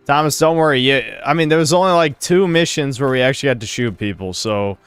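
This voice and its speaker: A man's voice: medium pitch, fast talker, a bit bright, smooth, no echo. A young man streaming a game, rambling with crude, opinionated commentary. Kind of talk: casual gameplay commentary.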